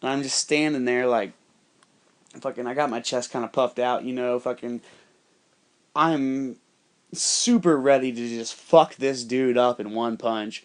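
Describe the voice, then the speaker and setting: A man spins a long personal story in a loose, rambling way, swearing freely. He keeps slipping into quick impressions of the people he talks about. His voice sits at an ordinary middle pitch. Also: clear, resonant tone. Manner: profane, rambling, animated quoting of others. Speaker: podcast storyteller. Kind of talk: casual storytelling monologue.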